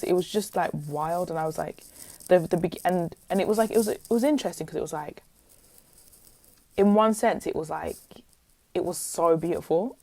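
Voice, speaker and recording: Low-voiced chatty British woman. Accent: British English. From England. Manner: lively, chatty, heavy use of "like". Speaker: guest musician. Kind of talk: casual interview storytelling.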